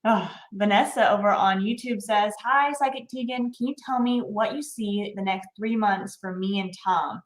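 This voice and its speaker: A woman's voice: mid-range voice, normal speed, hardly any pauses. Cheery lady host reading questions out, lots of giggles, echoey room. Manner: upbeat, giggly, reads viewer questions. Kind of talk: live stream hosting.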